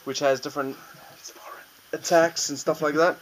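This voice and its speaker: A man's voice: a little high, normal speed, low-quality recording. A man hosting a casual board game night, explaining the rules loosely with fillers and frequent laughs, around a game table. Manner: laughs often, relaxed rundown with fillers.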